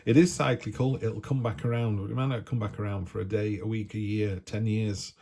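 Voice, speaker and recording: A man's voice: fairly low pitch, fairly even intonation, a little fast, creaky, mellow, husky. A man giving a casual, encouraging weekly tarot reading, chatty and full of restarts. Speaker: tarot reader.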